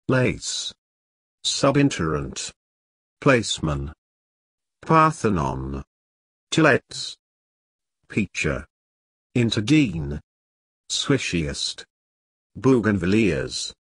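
A man reading isolated vocabulary words aloud, one word at a time with pauses between. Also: fairly low pitch, sing-song, fairly bright tone, husky, no echo, clean studio sound. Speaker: word-list reader.

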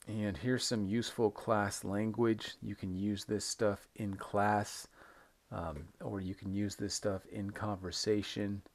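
A man's voice: lowish voice, level tone, takes it slowly. A man teaching an English lesson to learners, chatty, asking questions and answering them himself. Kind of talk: recorded online English lesson.

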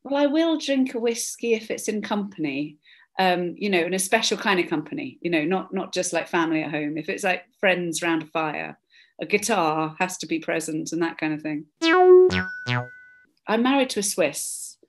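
A middle-aged woman from Scotland, telling stories in a relaxed interview and acting out the voices of the people in them. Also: lowish voice, normal speed. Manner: chatty, animated storyteller, acts out quoted voices. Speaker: interview guest. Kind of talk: casual storytelling.

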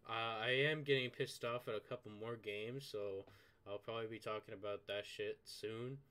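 A man's voice: fairly low pitch, steady tone, normal speed, pushed and bright, clean tone. A man ranting about a video game, swearing constantly in a heated, exasperated way. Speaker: gaming vlogger. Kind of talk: profane gaming rant.

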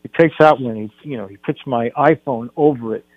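A man's voice: mid-range voice, a little fast, dry recording. An older man, a film director guest on a radio show, telling a personal story in an earnest way, often restarting his sentences. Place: radio studio. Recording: dull radio broadcast.

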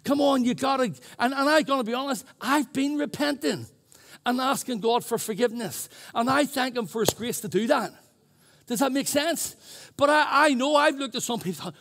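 A man's voice: very high voice, moderate pace, vocal fry, a bit bright. A male pastor preaching a sermon in church, earnest and chatty, telling stories. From New Zealand. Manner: earnest, chatty, self-deprecating storytelling.

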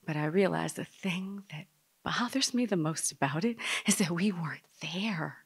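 A woman telling a personal story to a live audience, dramatic and speaking straight to the listeners, sometimes dropping to a hush. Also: lowish voice, animated, normal speed, slightly rough. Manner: dramatic, drops to a hush at tender moments.

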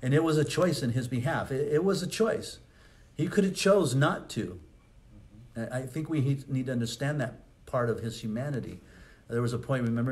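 A man's voice: mid-range voice, darkish tone. A man, a pastor, preaching a conversational sermon with rhetorical questions and asides.

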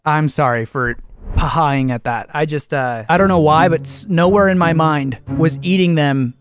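A young man reacting to memes in an excitable, slangy way, often slipping into silly voices. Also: a little high, moderate pace, noisy background. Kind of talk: casual reaction commentary. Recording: music playing behind.

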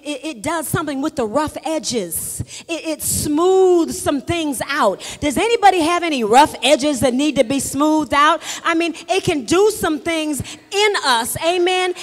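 A woman pastor preaching a live sermon, building from quiet, repetitive asides to loud call-and-response refrains. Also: high-pitched. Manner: call-and-response preaching, repeats phrases, swells to shouts. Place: church sanctuary. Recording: long hall reverb in a church.

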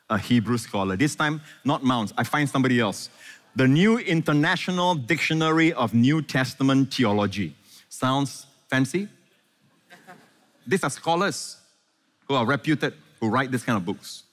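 Male pastor, lively sermon delivery, higher pitch, long hall reverb. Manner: animated, asks the congregation questions and calls for amens.

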